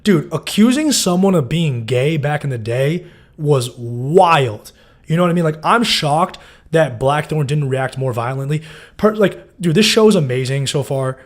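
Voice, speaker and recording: A man's voice: fairly high pitch, animated, moderate pace. A man giving a loose, casual breakdown of TV episodes, full of fillers and swearing. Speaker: TV show recapper.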